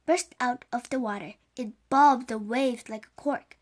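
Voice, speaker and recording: Lady reading a kids' book aloud, slow, high voice, stumbles and restarts. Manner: halting, with slips and restarts. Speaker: reader.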